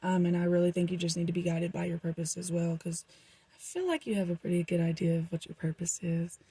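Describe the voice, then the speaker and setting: A woman's voice: fairly low pitch, quick pace, mellow, husky, dry recording, poor audio. A young woman doing a casual, rambling tarot reading for her viewers, with frequent fillers. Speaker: tarot reader.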